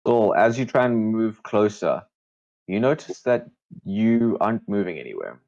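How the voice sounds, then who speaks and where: A man narrating a tabletop game as game master, slow, measured and hushed. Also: fairly low pitch, big pitch swings, muffled recording.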